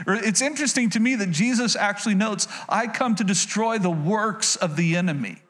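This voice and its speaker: High-voiced man preaching a lively sermon. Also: normal speed, hardly any pauses. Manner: energetic preaching with playful asides, calls out to the congregation. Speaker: pastor.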